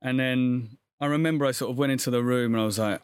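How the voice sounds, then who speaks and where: Young guy, casual guest storytelling, lots of "sort of", mid pitch. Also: fairly even intonation, fast talker, hardly any pauses, clear, resonant tone. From England. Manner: rambling, many "sort of" fillers. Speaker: guest, actor. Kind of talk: casual interview chat.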